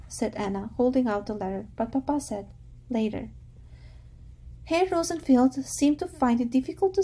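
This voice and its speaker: Woman, teacher, reading aloud to a class, patient, slightly high voice, gravelly. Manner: calm, patient, guiding students.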